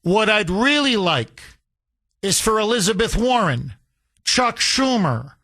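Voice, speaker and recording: Bright, heated man hosting talk radio. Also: high voice, sing-song, takes it slowly. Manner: heated, indignant, emphatic. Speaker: radio talk show host. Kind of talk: political talk radio monologue.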